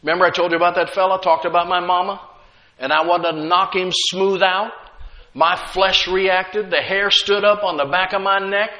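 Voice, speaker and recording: A middle-aged man preaching a sermon with emphatic delivery, rising loud then dropping quiet, and slipping in humorous asides. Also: sits high, steady tone, moderate pace, muffled recording. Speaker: pastor.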